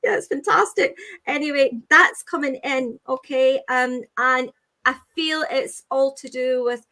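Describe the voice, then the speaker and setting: A woman giving a live spirit reading as a medium, halting and repetitive, often reassuring with "okay, sweetheart". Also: sits high, pushed and bright. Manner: halting, repeats phrases, soothing with "okay, sweetheart".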